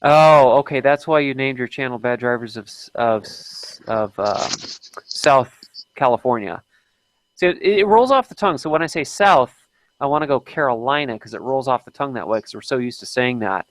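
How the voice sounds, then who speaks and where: A man's voice: mid-range voice, lively intonation, brisk, dry recording, low-quality recording. A man hosting an unplanned live stream, chatting casually and often stopping to restart his sentences.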